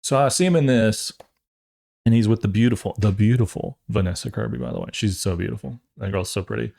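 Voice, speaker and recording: A young man chats casually on his podcast, rambling from one thought to the next. His voice sits a little low, and he turns animated and jokey as he goes. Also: fairly quick, gravelly. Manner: rambling, jokey, trails off and restarts; animated, acts out quotes in funny voices. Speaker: podcast host. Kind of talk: casual chat.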